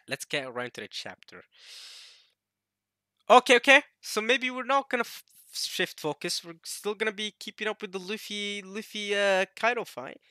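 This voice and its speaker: Bright-voiced man reacting to a manga. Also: sits high, no echo, studio quality. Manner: excitable, thinks aloud, frequent restarts. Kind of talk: casual manga read-along commentary.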